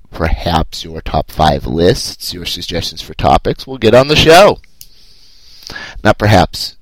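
A man in his thirties talks through his own podcast at an unhurried, drawn-out pace, his voice sitting fairly low. He rambles and pokes fun at himself with a wry edge. The recording is dry, with no room sound around him. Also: no echo, poor audio. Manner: rambling, self-deprecating, wry. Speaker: podcast host. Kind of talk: solo podcast monologue.

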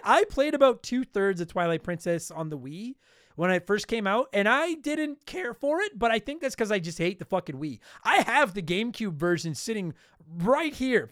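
A man's voice: high voice, fairly bright tone, no room sound. A man hosting a podcast, reading listener mail in a casual way and breaking into profane, ranting bursts, close to the mic.

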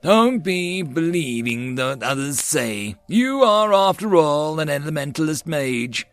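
A man voicing a grave, weary older male magister in an audiobook, speaking in a measured, slow way. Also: on the high side, animated, no room sound, faint music behind, voice pushed up.

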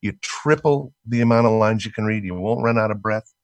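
A man co-hosting a casual chat, coaching with animated, instructive demonstrations. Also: fairly low pitch, brisk, no echo. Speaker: co-host, voice coach.

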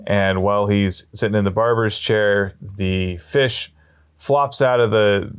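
A man telling long shaggy-dog jokes in a deadpan way, slowing down and pausing as he builds them up. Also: fairly low pitch, clean tone. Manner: deadpan, drawn-out storytelling with slow pauses. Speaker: storyteller.

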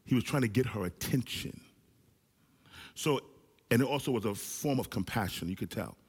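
Animated preacher man, husky, hall reverb. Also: medium pitch, moderate pace. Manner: animated preaching, swings from loud to hushed. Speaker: pastor. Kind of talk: sermon. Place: small church service with few people present.

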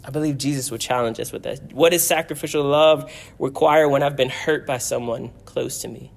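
A man's voice: medium pitch, moderate pace, gravelly. A man preaching a sermon as pastor, earnest and repetitive, his delivery swelling and dropping for emphasis.

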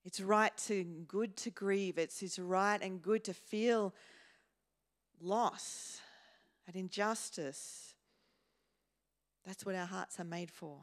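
Slow, measured woman preaching. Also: mid-range voice. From Australia. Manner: slow and measured, with pauses and repeated words. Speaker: pastor. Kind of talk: sermon. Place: church hall.

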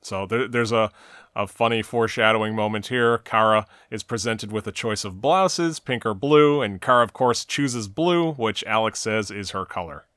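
A man's voice: fairly low pitch, moderate pace, fairly bright tone, no room sound, clean studio sound. A man co-hosting a casual talk show, recapping a TV episode scene by scene in long run-on sentences. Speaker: podcast co-host recapping a TV episode.

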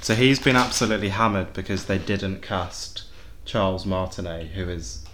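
A man's voice: low-pitched, steady tone, normal speed, fairly bright tone, a little hiss or hum. A man hosting a casual chat, often repeating words as he gathers his thoughts.

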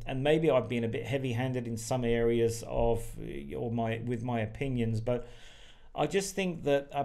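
Aussie guy hosting a podcast, chatty and rambly, lots of ums, mid pitch. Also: dark tone. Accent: Australian. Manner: rambling, frequent fillers and restarts. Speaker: podcast host. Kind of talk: casual chat.

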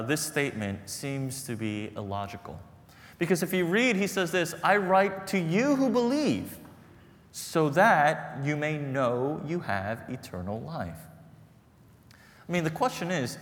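A man's voice: mid-range voice, fairly bright tone, long reverb tail. A man preaching a sermon as pastor, earnest and storytelling, repeating phrases for emphasis.

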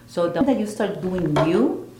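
Low voiced older lady, spiritual teacher vibe, earnest and repetitive, echoey room. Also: expressive, fairly quick, warm tone, slight background noise. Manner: earnest, emphatic, repeats phrases. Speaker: spiritual teacher and retreat leader. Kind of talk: casual podcast interview.

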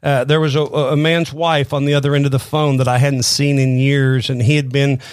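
A man's voice: mid-range voice, little pitch movement, normal speed, a little mellow, smooth, dry recording. Earnest preaching man, dry close sound. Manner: earnest, repeats words and restarts often. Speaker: pastor. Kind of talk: sermon-style teaching.

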